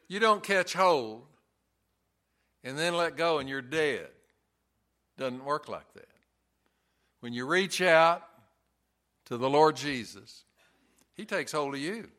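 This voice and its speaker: A man's voice: fairly high pitch, animated, slow pace, long pauses, pushed and bright. A man preaching a sermon in a church, earnest and folksy, telling stories with touches of humor. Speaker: pastor.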